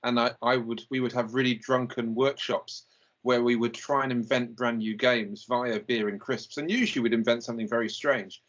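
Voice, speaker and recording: A man's voice: mid-range voice, steady tone, moderate pace, fairly bright tone. A male interviewer chatting and asking questions with enthusiasm. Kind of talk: casual interview chat. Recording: dull lo-fi recording.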